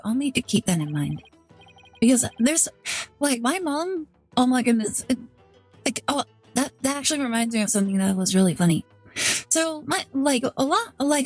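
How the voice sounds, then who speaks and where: Slightly high, breathy woman streamer rambling. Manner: rambling, full of "like" fillers and restarts. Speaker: VTuber streamer. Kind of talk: casual chat storytelling during a game stream.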